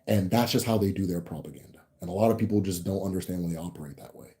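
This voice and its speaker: Racing through his words in a deep, dark-toned voice, this young American host reads viewer comments on a casual livestream. He rambles, restarts himself, and laughs as he goes.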